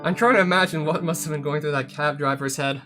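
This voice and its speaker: A man reading a visual novel aloud as a let's play host, breaking off for sardonic asides with swearing, with soft guitar music behind him. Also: on the high side, fast.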